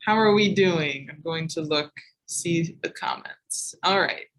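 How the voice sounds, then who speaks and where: A woman teaching English pronunciation in a live online class, saying each word slowly and twice. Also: lowish voice, fairly bright tone, rough recording. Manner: slow, deliberate, repeats each word twice.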